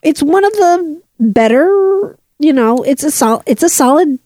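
A woman's voice: high-pitched, expressive, a little slow, warm tone, dry recording, clean studio sound. A woman co-hosting a casual podcast chat, playful and steering the discussion. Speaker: podcast co-host.

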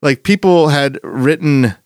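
A man co-hosting a podcast in casual chat, with a gravelly voice, rambling and restarting as he talks. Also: a little high, measured pace, no room sound, clean studio sound. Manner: animated, rambling with frequent restarts. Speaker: podcast co-host.

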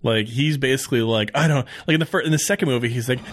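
A male podcast co-host chats in a loose, rambling way, dropping curse words and frequent laughs. His pitch sits in the middle for a man. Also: very fast, noisy background. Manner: rambling, profane, laughs often. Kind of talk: casual chat.

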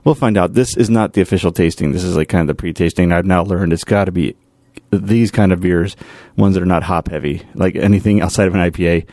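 A man's voice: low voice, fairly even intonation, fast talker, few pauses, mellow, no echo. A man hosting a podcast, giving a casual, rambling update and thinking aloud as he goes. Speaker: podcast host, home brewer.

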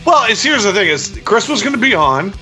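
A man's voice: sits high, very animated, fairly quick, sharp tone, faint music behind. A man co-hosting a casual podcast chat, talking in a profane, ranting way. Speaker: podcast co-host.

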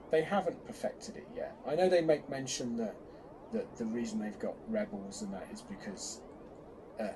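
Male co-host, mellow and warm, chatty with frequent restarts, faint background hiss. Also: fairly low pitch. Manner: chatty, hesitant restarts, animated bursts. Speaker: podcast co-host. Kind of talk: casual fan chat.

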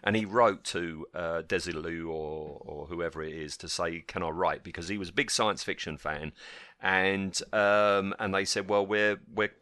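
A man hosts a casual chat podcast. He talks in a loose, rambling way with lots of ums and restarts. His voice is bright and forward, and it sits a little low in a dry, close sound. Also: measured pace, few pauses, dry recording. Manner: chatty, many fillers and restarts. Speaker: podcast host.

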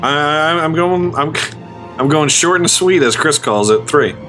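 A man's voice: a little high, expressive, a little slow, fairly bright tone, faint music behind. A man co-hosting a podcast, joking playfully and bantering in casual chat. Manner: playful, jokey, makes mouth noises. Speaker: podcast co-host.

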